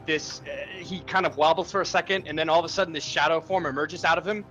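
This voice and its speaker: Bright-voiced man describing a game scene. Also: fairly high pitch, steady tone, fast, lo-fi sound, faint music behind. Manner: loose descriptive narration with fillers. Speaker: player. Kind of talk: describing his character's actions in a tabletop game.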